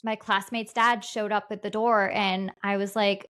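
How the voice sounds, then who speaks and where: A woman's voice: medium pitch, level tone, measured pace, fairly bright tone, clean tone. A woman, a paranormal investigator guest on a podcast, sharing her experiences in an earnest, matter-of-fact way with frequent restarts. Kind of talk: casual podcast conversation.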